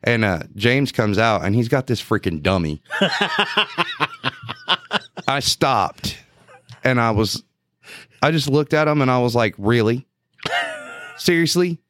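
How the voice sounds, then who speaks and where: A man's voice: mid-range voice, unhurried, long pauses, fairly bright tone, no room sound. A man telling a story in a casual podcast chat, acting out quotes and laughing often. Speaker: podcast co-host, police officer.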